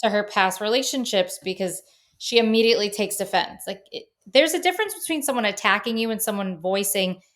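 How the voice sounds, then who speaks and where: A woman's voice: medium pitch, animated, brisk. A woman guest on a podcast, talking things through thoughtfully in a casual conversation. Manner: thoughtful, explains at length with frequent restarts.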